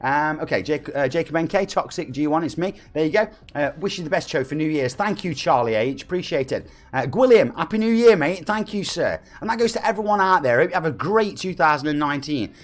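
Brief: forties male game streamer, East Midlands English accent, chatty and upbeat, lively pitch. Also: fairly quick, few pauses. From England. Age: 40s. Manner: chatty and upbeat, reading out viewer names. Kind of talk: live game stream chat.

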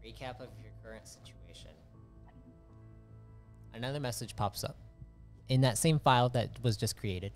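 A young man runs a tabletop role-play as game master, narrating scenes and reading out messages at a middling pitch. He keeps breaking into laughter while he talks. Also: moderate pace, long pauses, soft background music.

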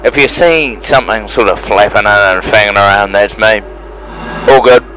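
A man's voice: lowish voice, moderate pace, pushed and bright, faint music behind, poor audio. A man with a New Zealand accent giving a joking running commentary, cheeky and swearing in mock outrage. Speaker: celebrity pilot in a flight simulator.

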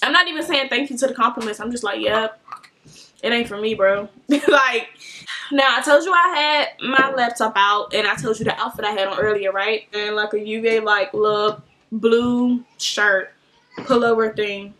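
Young woman, high bright voice, animated storytime vlogger. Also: normal speed, slight background noise. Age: young adult. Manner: animated, swearing, mimics voices. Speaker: beauty vlogger.

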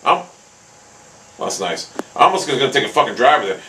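A young man commentating his own golf video game, hot-tempered and swearing constantly, often bursting into angry shouts. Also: medium pitch, very animated, moderate pace, slight background noise, low-quality recording. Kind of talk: live gameplay commentary.

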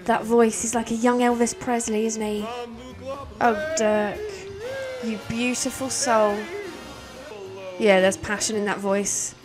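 A woman's voice: fairly high pitch, little pitch movement, slow, pauses often, over music. A British woman giving cheeky, sweary, teasing commentary over a life-sim game she is playing. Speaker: gameplay commentator. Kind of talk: casual let's-play commentary.

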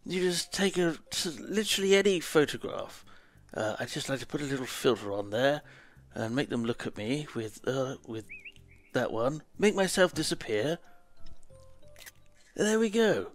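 A man's voice: mid-range voice, lively intonation, normal speed, faint music behind. A man casually walking through a video game trick, chatty and hesitant, stopping to correct himself as he goes. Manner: chatty, hesitant, self-correcting while explaining. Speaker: let's play commentator. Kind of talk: casual gameplay walkthrough.

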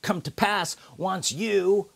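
A man preaching a sermon, emphatic, repeating key phrases with drawn-out pauses. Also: high voice, gravelly, fairly bright tone.

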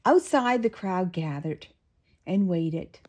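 A woman reading a picture book aloud to children, expressive and playful with asides. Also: on the low side, slow pace, breathy edge. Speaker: storyteller.

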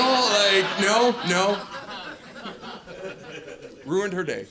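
A male stand-up comedian who tells his jokes in an animated way and acts out customers and counter workers, on a comedy club stage. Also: high-pitched, moderate pace, long pauses, a crowd in the background. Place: comedy club stage before a laughing crowd. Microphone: handheld stage mic. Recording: live club audience laughter.

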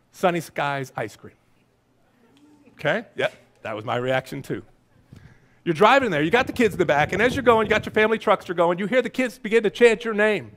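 A man preaching a lively, playful sermon as pastor, breaking into shouts and silly voices. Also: high-pitched.

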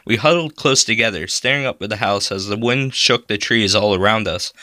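A man reads a spooky children's story with dramatic suspense. His voice is low but bright and forceful, recorded dry and close with no room sound. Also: a little fast, dry recording. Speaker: storybook reader. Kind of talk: scripted horror story narration.

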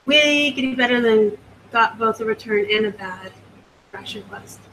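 A woman hosting a live stream, originally from the US West Coast, reads viewer comments and talks about her selling in a casual, wandering way. She speaks at normal speed in a fairly high, slightly bright voice, captured on a rough recording with slight background noise.

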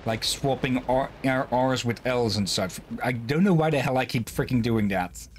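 A man's voice: medium pitch, normal speed, a little hiss or hum. Rambling man narrating a game stream. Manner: rambling, self-deprecating, frequent restarts. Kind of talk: casual let's-play commentary.

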